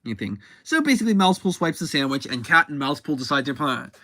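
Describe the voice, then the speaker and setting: A man's voice: on the high side, very animated, fast talker, bright, forceful tone, no echo. A man casually recapping a comic book, rambling and often correcting himself mid-sentence. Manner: rambling, self-correcting, chatty.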